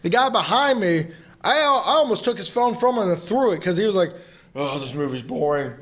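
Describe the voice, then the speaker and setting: A man with a somewhat high voice co-hosts a casual movie review conversation. He is blunt and opinionated. He swears freely as he tells stories. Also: lively intonation, a little fast, a bit bright. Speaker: podcast co-host.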